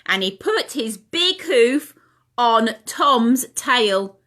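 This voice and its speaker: Brief: playgroup leader reading a picture book, bright and very animated. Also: female voice, fairly high pitch, extremely slow. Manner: asks children questions, sing-song. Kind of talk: storytime reading for toddlers. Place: home.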